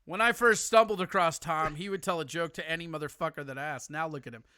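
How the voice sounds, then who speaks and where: A man's voice: on the high side, fast, bright, forceful tone, clear, resonant tone, no echo, studio quality. A man hosting a live call-in stream, teasing his guest in crude, joking banter.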